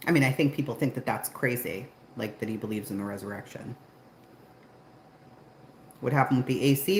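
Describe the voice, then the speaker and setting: A woman hosting a casual livestream from home, chatting with viewers and laughing often, then coaxing her dogs inside in a high voice. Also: brisk, long pauses. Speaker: livestream host. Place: at home, indoors. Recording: very echoey room with background noise.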